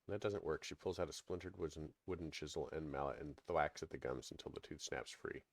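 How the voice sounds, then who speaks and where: A man's voice: extremely low pitch, brisk, gravelly, no room sound. A man casually commenting on a game and reading its text aloud, hesitant, with many fillers. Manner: hesitant, filler-heavy, chuckling. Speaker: let's-play gamer.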